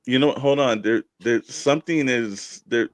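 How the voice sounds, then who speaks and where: A man's voice: medium pitch, moderate pace, dry recording. A man hosting a casual podcast chat with brief reactions and bantering questions.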